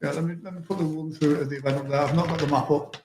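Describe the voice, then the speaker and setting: A man's voice: fairly high pitch, fairly even intonation, racing, darkish tone, roomy sound, a little hiss or hum, poor audio. A man co-hosting and running a live stream from a town event, chatting in an upbeat way while he works the controls. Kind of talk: casual live chat.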